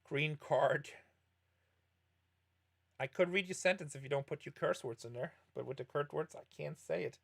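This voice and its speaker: A man's voice: fairly high pitch, normal speed, vocal fry, long pauses, slightly rough. A middle-aged man chatting casually while he streams poker and answers viewer questions, rambling and correcting himself often. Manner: rambling, self-correcting storyteller. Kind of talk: casual livestream chat while playing poker.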